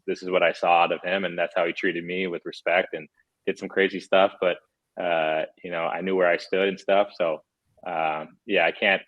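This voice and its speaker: A man's voice: sits low, no room sound, lo-fi sound. A man in his thirties, a former hockey player, telling stories in a candid, rambling way full of fillers and restarts. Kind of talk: casual interview chat.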